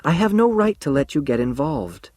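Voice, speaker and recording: A gentle young woman teacher, cautious and patient, pleading softly as a male narrator reads her part. Her voice rises and falls in a lively sway and sits close to the mic with no room around it. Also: a little high, normal speed, no echo, voice pushed up. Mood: gently cautious.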